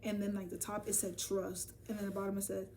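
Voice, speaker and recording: A young woman telling a casual storytime vlog, animated and profane, talking straight to her viewers. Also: mid-range voice, fast, recorded from a distance. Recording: voice from off the mic, faint ambient noise.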